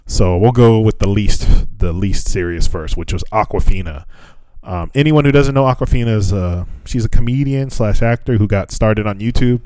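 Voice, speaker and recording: A man's voice: on the low side, moderate pace, a little mellow, no room sound. A man co-hosting a podcast in loose, casual chat, swearing freely and laughing often. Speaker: podcast co-host.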